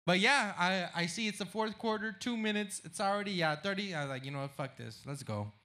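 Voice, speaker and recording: A man on a podcast telling a story in casual chat, loud and profane, shouting out the voices of the crowd. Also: high voice, quick pace. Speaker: podcast guest.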